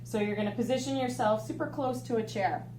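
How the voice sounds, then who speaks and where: A woman fitness instructor giving clear step-by-step coaching cues for a home workout. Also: fairly high pitch, a little fast, a little mellow, far from the mic. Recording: roomy echo, off-mic, faint hum.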